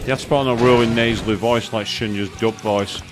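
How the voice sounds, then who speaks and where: A man's voice: medium pitch, steady tone, fairly quick, over music. A man co-hosting a let's play, wry and joking in casual gaming commentary.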